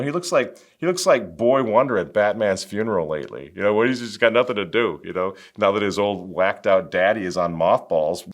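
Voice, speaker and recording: A middle-aged man hosting a political commentary show, talking in a sarcastic, mocking way. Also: on the low side. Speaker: host.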